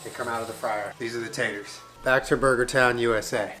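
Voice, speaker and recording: A man cooking in his home kitchen, talking through the steps in a relaxed, laid-back way. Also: mid-range voice, fairly quick. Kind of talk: casual cooking chat. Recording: roomy kitchen with clear music behind.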